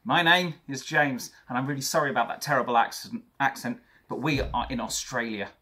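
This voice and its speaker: A young man teaching an art lesson for children, chatty and talking straight to young viewers, with a husky voice. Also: mid-range voice, fairly quick, sharp tone.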